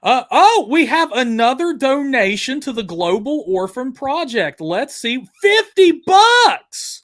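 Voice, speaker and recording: A man hosting a livestream chat, excitable and hyping up his guest and viewers. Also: very high-pitched, measured pace. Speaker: host.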